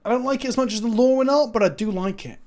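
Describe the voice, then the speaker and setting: Man, high voice, card game streamer, excitable, swears a lot, banters with chat, desk mic. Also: quick pace. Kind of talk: casual live-stream commentary.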